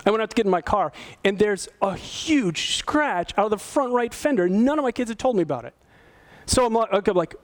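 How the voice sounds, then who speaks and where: A man's voice: high voice, expressive, moderate pace. A middle-aged male pastor giving a sermon in a conversational way, often asking his listeners questions. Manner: conversational, asks the audience questions.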